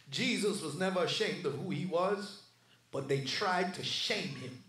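A man preaching a sermon as pastor, swinging from shouted lines to low murmurs. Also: big pitch swings, slow pace, echoey room, distant mic.

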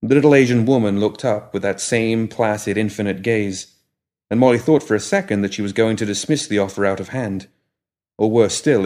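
Man reading dark fantasy fiction, lowish voice, measured and dramatic. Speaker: narrator and host. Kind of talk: scripted story narration. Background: music at the outro.

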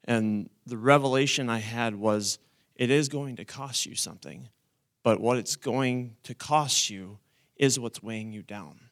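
A man sharing a church testimony. He speaks in an earnest, reflective way. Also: medium pitch. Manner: earnest, reflective, with a slow opening scripture reading. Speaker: retreat participant sharing testimony.

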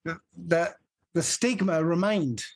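A man's voice: fairly high pitch, takes it slowly. A man from England explaining a point at length in casual conversation, laughing now and then.

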